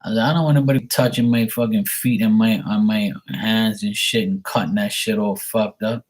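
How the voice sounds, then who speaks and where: Husky, profane man ranting casually. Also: on the low side, fairly even intonation, moderate pace. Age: 40s. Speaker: live tarot reader. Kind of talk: casual live-stream chat.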